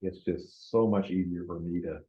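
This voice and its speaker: A man with a deep, steady, mellow voice presents a business planning workshop at a moderate pace, in a conversational, informal lecture style that keeps checking in with the group. He's in a meeting room with a live audience, captured in an echoey lo-fi room recording.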